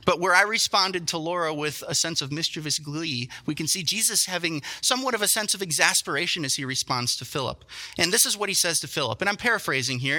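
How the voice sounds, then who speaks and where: A young man delivers a sermon in a very bright, forceful voice that sits a little high. He tells stories with animated energy and pokes fun at himself along the way. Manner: animated storytelling, self-deprecating asides. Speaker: pastor.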